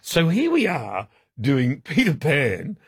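Brief: male radio host, husky, clowning banter, bone-dry booth. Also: a little high, huge pitch swings, takes it slowly, dry recording. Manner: jokey, laughing, mock French accent bits. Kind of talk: comedic breakfast radio banter.

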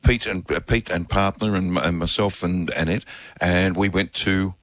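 A man hosting a talkback radio show, telling a story in a rambling, halting way with many fillers. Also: sits low, fairly even intonation, fairly bright tone, dry recording. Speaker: radio host. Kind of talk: casual talkback radio chat.

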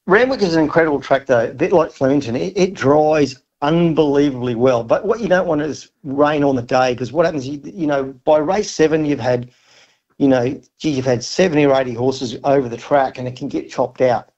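A man's voice: fairly high pitch, a little fast, darkish tone. Man on a dull phone line. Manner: enthusiastic, rambling tipster. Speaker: racing guest on radio. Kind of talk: casual radio chat.

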